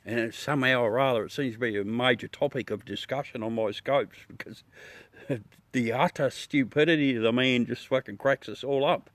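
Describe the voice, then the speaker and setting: A man's voice: mid-range voice, normal speed, fairly bright tone, no room sound. An Australian man hosting a casual live chat with viewers from his backyard at night, swearing freely and laughing often. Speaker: livestream host.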